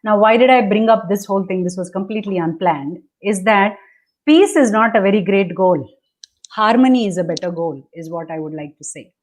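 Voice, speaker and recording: A woman's voice: medium pitch, expressive, a little fast. A woman coaching on relationships, dictating step by step over a video call and acting out the attitudes she describes. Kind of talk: instructive conversation.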